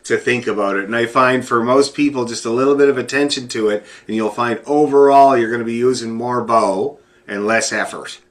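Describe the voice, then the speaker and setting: A man teaching fiddle one-on-one, relaxed and encouraging, often repeating his praise. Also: mid-range voice, a little fast, hardly any pauses. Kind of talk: one-on-one music lesson. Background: fiddle playing.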